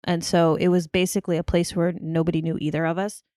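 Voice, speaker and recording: A woman co-hosting a podcast, telling a story in casual chat with halting restarts. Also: fairly low pitch, flat delivery, warm tone, no echo, studio quality. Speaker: podcast co-host.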